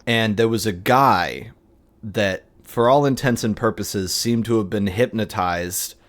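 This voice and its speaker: Man playing a gruff ex-mob man, low voice, slow, stiffly formal. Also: close to an everyday voice. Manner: halting, overly formal requests. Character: gruff former mobster man, stiffly polite.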